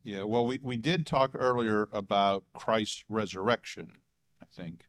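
A man with a fairly low voice talks through a draft statement of belief with his church group. He speaks hesitantly, restarting his sentences and chuckling now and then. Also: a little slow. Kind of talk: casual group discussion.

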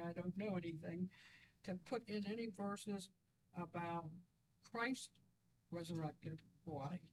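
A woman in a church group discussion, speaking slowly and softly. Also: fairly low pitch, a little hiss or hum, low-quality recording. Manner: slow and soft-spoken. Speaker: group member.

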